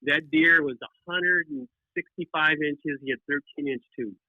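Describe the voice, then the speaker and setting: A man who is a guest on a podcast, telling a hunting story in an animated, rambling way with many restarts, heard over tinny phone-line audio. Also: a little high, normal speed, creaky, no room sound. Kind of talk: casual storytelling.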